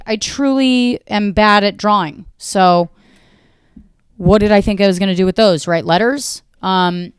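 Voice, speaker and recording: Casual American podcast host in her thirties, crisp voice, bone-dry sound, rambling and self-mocking with frequent profanity. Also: medium pitch, no echo. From United States. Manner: talks to her dog mid-show. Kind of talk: casual solo monologue.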